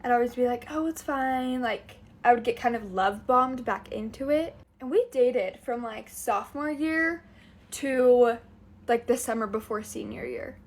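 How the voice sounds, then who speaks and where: A woman's voice: on the high side, a little slow. A young adult woman telling a casual storytime in a chatty way, with frequent "like" fillers.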